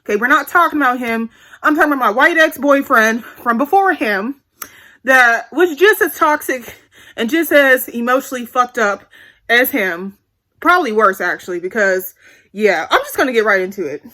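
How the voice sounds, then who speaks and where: A woman's voice: on the high side, lively intonation, moderate pace, pushed and bright. A woman in her twenties telling a candid, profane story to her viewers in a blunt, chatty vlog. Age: 20s. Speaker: vlogger.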